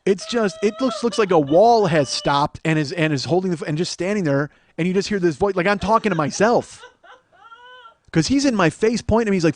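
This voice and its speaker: A man's voice: a little high, normal speed. A man in his forties telling a rambling, profane story as a podcast host. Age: 40s. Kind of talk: storytelling monologue.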